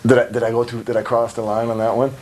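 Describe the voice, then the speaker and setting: A man's voice: mid-range voice, flat delivery, quick pace, noisy background. A man giving a blunt, rambling interview, swearing freely and laughing between stories. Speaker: interviewee, wrestler. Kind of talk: casual profane interview. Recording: recorded in 2002.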